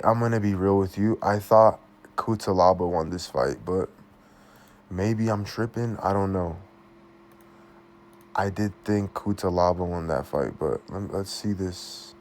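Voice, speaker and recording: Young guy, lowish voice, cussing nonstop, casual fight review talk. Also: a little slow, long pauses, a little mellow. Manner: blunt, heavily profane, slangy. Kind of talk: casual commentary.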